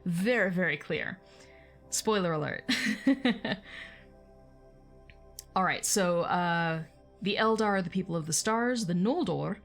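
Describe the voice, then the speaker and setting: A woman with a notably low voice talks through terms casually, with frequent fillers and quick laughs. Faint music runs behind her. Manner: chatty, laughs often, many fillers. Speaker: host. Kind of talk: casual explanatory livestream commentary.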